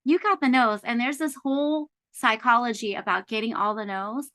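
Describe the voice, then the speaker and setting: A woman with a bright, fairly high voice, recorded close with almost no room sound. She chats on a podcast in an encouraging, reflective way and uses plenty of fillers and restarts. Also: moderate pace, dry recording. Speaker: podcast co-host. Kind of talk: casual podcast chat.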